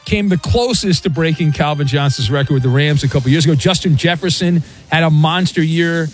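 A man's voice: a little high, a little fast, soft background music. A man hosting a sports radio show, chatting casually with a wry, rambling manner and plenty of "uh"s.

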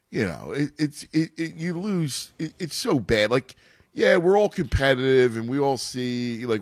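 A man's voice: medium pitch, no echo, clean studio sound. A man in a casual chat about his son's baseball, rambling with many restarts. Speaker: youth baseball father and coach.

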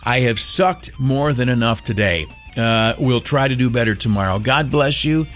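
A man's voice: mid-range voice, moderate pace, fairly bright tone, soft background music. A man hosting a call-in talk radio show, frank and opinionated, with many filler sounds. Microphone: studio microphone.

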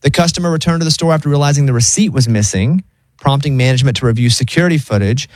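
A man's voice: mid-range voice, fast talker, a little mellow, no room sound. A male radio host with a mid-range voice who reads news items and then jokes about them in a loose, chatty way. He sounds close and dry on a studio mic. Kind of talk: casual chat, reading news stories.

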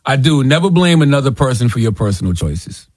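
A man's voice: mid-range voice, sing-song, fairly quick, darkish tone, slightly rough, dry recording, studio quality. A man co-hosting a radio talk show, affirming and supportive. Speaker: radio co-host.

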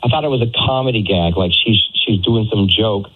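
A man's voice: on the low side, fairly quick. A man on a phone call telling a story about a date, hesitant and full of fillers. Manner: hesitant, many fillers and restarts. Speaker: caller on the phone. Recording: tinny phone line.

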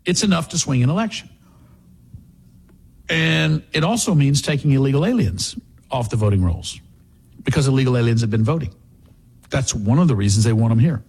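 A man hosting a talk radio show, speaking in a sarcastic, animated, mocking way. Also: medium pitch, a little fast, creaky, long pauses, husky.

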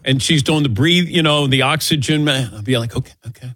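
A man hosting a talk show, telling animated stories and acting out the people in them with a laugh. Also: on the high side, fairly quick, no echo. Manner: animated storyteller, acts out quotes, laughs often. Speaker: radio show host. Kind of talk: casual on-air banter.

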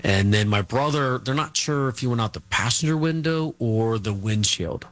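A middle-aged man telling a family story as an interview guest, rambling and halting, full of fillers and restarts. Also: medium pitch.

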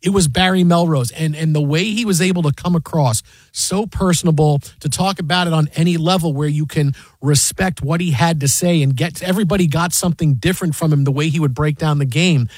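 Sports talk co-host, male, thirties; slightly husky, animated storyteller, acts out quotes. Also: a little high, a little fast, no echo. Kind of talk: casual radio chat.

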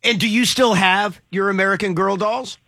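A man's voice: sits high, fairly even intonation, moderate pace, sharp tone, dry recording. A man hosting a morning radio phone-in show, chatting playfully and laughing often with a caller, in a studio. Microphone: studio mic.

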